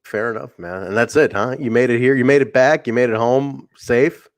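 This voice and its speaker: A man's voice: medium pitch, normal speed, no echo. A man co-hosting a podcast in casual chat, chiming in with short reactions and questions. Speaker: podcast co-host.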